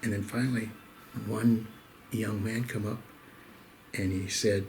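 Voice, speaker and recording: A man's voice: on the low side, fairly even intonation, unhurried, a little mellow, a little hiss or hum. A middle-aged man hosting a weekly show, telling jokes in a folksy, casual monologue and calling his listeners "folks.". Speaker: host.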